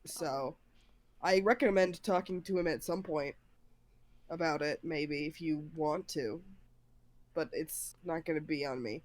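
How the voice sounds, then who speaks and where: A sick player doing Valente, gruff blunt traveler. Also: medium pitch, measured pace, long pauses, lightly acted. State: sick, congested voice.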